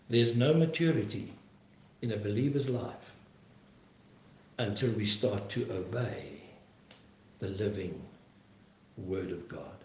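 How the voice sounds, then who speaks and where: A man's voice: on the low side, darkish tone, slight background noise. Earnest man preaching in a roomy space. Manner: earnest, slow and emphatic pleading. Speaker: pastor. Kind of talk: sermon and closing prayer.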